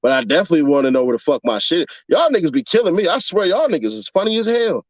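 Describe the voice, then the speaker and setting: A man's voice: on the high side, very animated, very fast, dry recording, lo-fi sound. A man in a casual, profane commentary rant, mocking his audience with rhetorical questions. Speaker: commentary vlogger.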